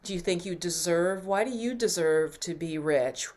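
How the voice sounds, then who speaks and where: A woman voicing a mocking inner critic that taunts the listener in a higher, louder voice. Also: normal speed, close to an everyday voice. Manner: scornful, taunting.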